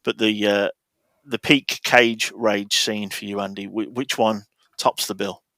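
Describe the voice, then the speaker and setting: A man's voice: lowish voice, steady tone, measured pace, sharp tone, dry recording. A man hosting a casual podcast, playfully quizzing his co-hosts one by one for an awards segment.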